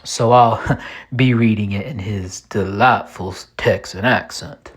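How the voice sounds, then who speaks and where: A man narrating a horror story in a deliberate, ominous storytelling manner. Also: on the low side, slightly rough.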